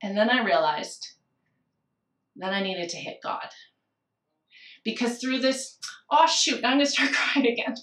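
A woman's voice: a little high, lively intonation, a little slow, pauses often, a bit bright, reverberant, distant mic. A woman candidly telling a personal story of grief, reflective and at times tearful. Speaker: guest sharing a personal story.

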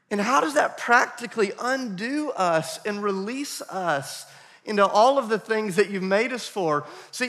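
Animated male pastor in an echoey hall. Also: high voice. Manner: animated, playful asides to the congregation. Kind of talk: sermon. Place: church hall. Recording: long reverb of a church hall.

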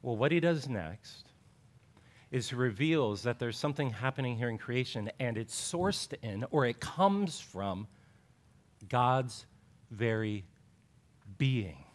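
A man preaching a sermon earnestly, often repeating words and sinking low and soft on key words, with playful asides. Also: expressive, slow pace, long pauses. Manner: playful asides with joking voices.

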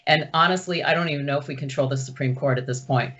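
A woman's voice: fast, a bit bright. A woman activist being interviewed over a video call, earnestly laying out her group's plan. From United States. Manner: earnest, pitching an organized plan. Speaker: guest activist. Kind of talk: remote interview. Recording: dull video call audio.

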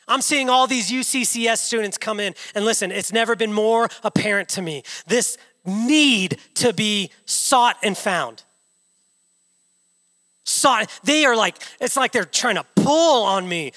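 A man preaching with a high, ringing, bright voice, firing rhetorical questions at his congregation. His sermon carries long reverb from a church hall. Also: normal speed. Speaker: pastor.

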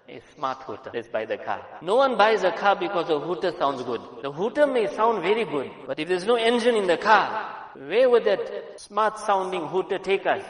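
A man's voice: on the high side, lively intonation, normal speed. Earnest male preacher in an echoey hall. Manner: earnest and emphatic, swings between soft and loud. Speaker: Islamic preacher. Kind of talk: sermon. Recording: echoey hall with long reverb.

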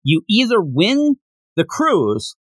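A man talks through a manga chapter in casual podcast chat, his pitch swinging up and down as he acts out lines from the characters. His voice sits a little high for a man. The sound is dry and close. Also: slow, husky, no echo. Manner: animated, acts out characters' lines mid-story. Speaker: podcast co-host.

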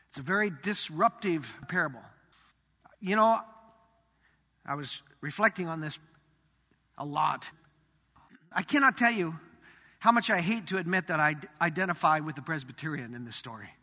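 A man pastor preaching a sermon in a church sanctuary, dramatic, swinging from loud emphasis to hushed asides. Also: fairly high pitch, animated, moderate pace, pauses often. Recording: reverberant sanctuary.

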